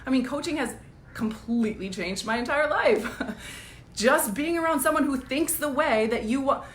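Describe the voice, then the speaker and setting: A woman coach talks straight into her phone on a live stream, upbeat and blunt, dropping the odd swear and laughing as she goes. Her voice sits slightly high. The room around her rings with echo, and a faint low rumble runs underneath. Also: normal speed. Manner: energetic, blunt, laughs often, swears casually. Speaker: business coach. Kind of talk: casual live-stream pep talk.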